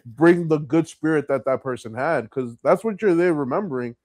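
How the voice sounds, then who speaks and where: A man hosting a podcast, asking questions and agreeing with his guest in a relaxed, conversational way. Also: fairly high pitch, normal speed, dry recording. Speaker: podcast host. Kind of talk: casual podcast interview.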